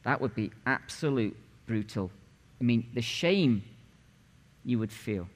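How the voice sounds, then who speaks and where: This man, a pastor in his late forties, has a mid-range, animated voice and keeps a measured pace while preaching. Conversational and punchy, he peppers the congregation with rhetorical questions, all wrapped in the long reverb of a church sanctuary.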